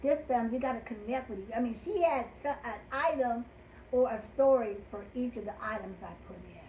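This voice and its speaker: Heartfelt older woman storyteller, soft trailing delivery, echoey room. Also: on the high side, fairly quick, slight background noise. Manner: gentle, heartfelt, trailing off softly. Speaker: host. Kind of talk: storytelling and rhymes for children. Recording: roomy echo.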